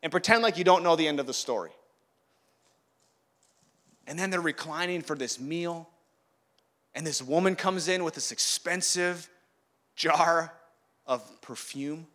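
A man giving a sermon in a conversational way, acting out the voices he quotes and swinging from loud to hushed. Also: a little high, measured pace, long pauses. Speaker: pastor.

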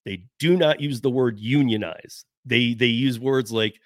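A man's voice: mid-range voice, measured pace, no room sound, clean studio sound. A man hosting a podcast as a rideshare driver, chatting casually, reading the news aloud and rambling with frequent self-corrections and asides.

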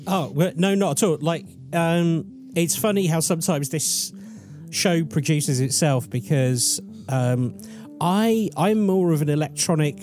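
Over soft background music, a man with a fairly high, slightly mellow voice speaks at a measured pace, co-hosting a podcast and telling a loose, talkative, self-mocking story.

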